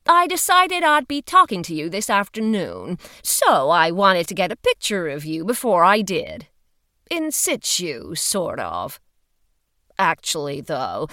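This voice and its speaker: Candid female investigator read by a woman narrator, animated and chatty, slightly low voice, dry booth sound. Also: no echo, exaggerated voice. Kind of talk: audiobook reading.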